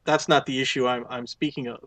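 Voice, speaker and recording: A man's voice: medium pitch, steady tone, brisk, a bit bright, no room sound. A man co-hosting a podcast, talking things through thoughtfully with careful hedges and restarts. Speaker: podcast co-host. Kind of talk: casual movie review chat.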